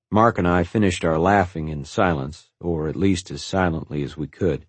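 A man with a very low, husky voice reads a first-person story in a calm, reflective way. The recording is dry and close, with no room around it. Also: normal speed, hardly any pauses, dry recording. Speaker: narrator. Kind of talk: first-person audiobook narration.

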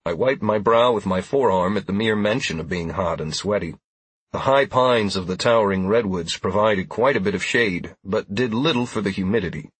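Male first-person audiobook narrator, steady delivery, breathy husky tone, close and dry. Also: low-pitched, fairly quick, no echo.

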